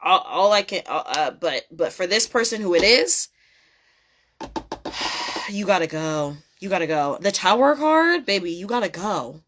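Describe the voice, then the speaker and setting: A woman's voice: on the low side, big pitch swings, measured pace, fairly bright tone, slight background noise. A young woman giving a casual tarot reading, blunt and profane, repeating her points emphatically. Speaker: tarot reader.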